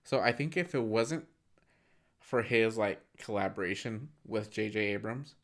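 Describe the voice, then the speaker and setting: With a lowish voice at normal speed, a young male co-host of a film podcast walks through scenes in a relaxed way. He performs snippets of the dialogue and his speech is packed with fillers.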